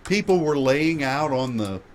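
A man hosting a radio show, telling a lively travel anecdote with laughter. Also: fairly high pitch, unhurried, a little hiss or hum. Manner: animated anecdote with frequent laughter. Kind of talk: storytelling chat.

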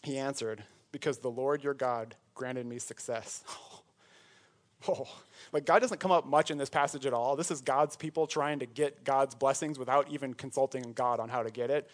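A man's voice: medium pitch, fairly even intonation, moderate pace. A man preaching a sermon in a conversational way, breaking off into joking asides. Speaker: pastor.

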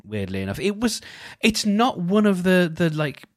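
A British man talking on his own in a casual, rambling way, restarting sentences often and getting animated as he goes. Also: sits high, normal speed, no echo, studio quality. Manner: rambling, animated, self-interrupting. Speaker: podcast host. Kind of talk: casual solo chat.

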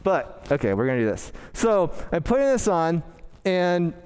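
High-voiced man preaching in a reverberant hall. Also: sing-song, moderate pace, a little mellow, a little hiss or hum. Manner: frequent stammering restarts. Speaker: pastor. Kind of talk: sermon with personal storytelling. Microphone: clip-on mic.

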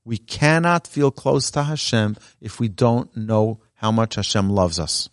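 A rabbi with a fairly low, animated voice gives a Torah class indoors at a learning center, with a live audience listening. Speaking at a measured pace, he earnestly urges them on and tells a story with emphatic rising lines, recorded cleanly in a studio with no room sound.

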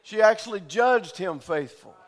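A man preaching a sermon in a fervent style that often rises to shouting. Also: high voice, lively intonation, normal speed.

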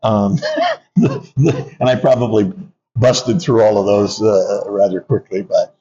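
A man's voice: on the low side, slow pace, warm tone. An older man, an Army veteran, telling reflective stories in an interview, with frequent fillers and restarts. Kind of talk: conversational interview storytelling. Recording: dull lo-fi audio.

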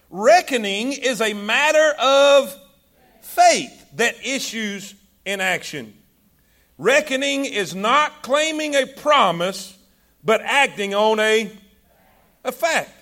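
A preacher delivering a sermon, his voice high and ringing with a bright, sharp edge. He calls on the congregation to repeat after him, pushing hard on key words and then dropping low and soft. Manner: exhorting congregation, call and response; rises and drops in volume for emphasis. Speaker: pastor.

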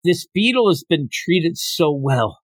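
A man in casual podcast chat, recapping a manga chapter with lively swings in his fairly high voice. He jumps into the characters' voices as he tells it. The sound is close and dry. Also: measured pace, husky, no room sound. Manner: animated retelling, acting out quotes with raised pitch. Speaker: podcast co-host reviewing manga.

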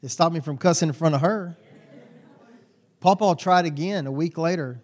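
Guy in his 40s preaching, folksy stories, gets loud all of a sudden, kinda high voice. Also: normal speed, long pauses. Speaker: pastor. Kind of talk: sermon.

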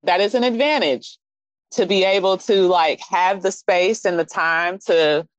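Woman, Midwestern accent, lowish voice, dry close sound, slightly dull, expressive casual chat. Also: unhurried, no echo. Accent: Midwestern American. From Kansas City, Missouri. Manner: animated, expressive, jumps up in pitch for emphasis. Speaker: fashion designer guest.

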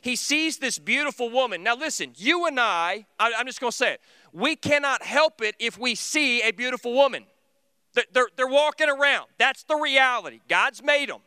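A man's voice: very high-pitched, lively intonation, moderate pace, pushed and bright, smooth, no echo. A middle-aged man preaching a sermon in an earnest, conversational, storytelling way. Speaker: teacher.

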